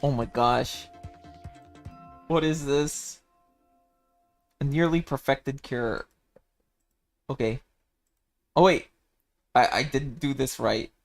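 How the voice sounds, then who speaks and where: Slow-talking playful young streamer man. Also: medium pitch, vocal fry, soft background music. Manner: playful, giggly, self-deprecating cat-boy persona. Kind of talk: casual livestream chat.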